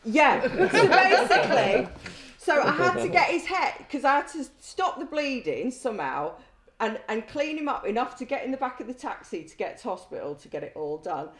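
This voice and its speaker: Here the middle-aged ex-prison governor has a high, sing-song voice with a fairly bright tone, talking at normal speed. She trades anecdotes in conversation, cursing freely, laughing as she goes and staying blunt throughout, all in a roomy, echoing space.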